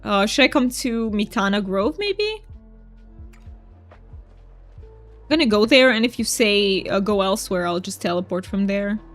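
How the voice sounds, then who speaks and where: A woman with a mid-range voice and lively intonation streams a cozy game, talking a little slowly and pausing often. Faint music plays behind her as she giggles, chats casually, and reads viewer messages aloud.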